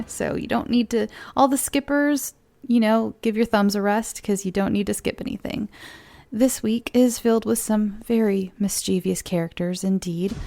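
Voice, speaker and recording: A woman hosts a horror podcast, tired and rambling as she thanks her listeners. Her voice is gravelly, dark and mellow, with faint music behind her. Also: medium pitch. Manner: rambling, chatty, openly grateful. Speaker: podcast host. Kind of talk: casual podcast intro.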